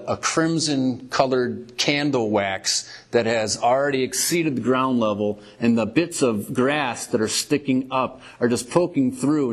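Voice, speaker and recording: A male preacher in the middle of a sermon, reading scripture aloud and unpacking it in vivid detail. He speaks emphatically, stretching out key words, and his voice sits at an ordinary middle pitch.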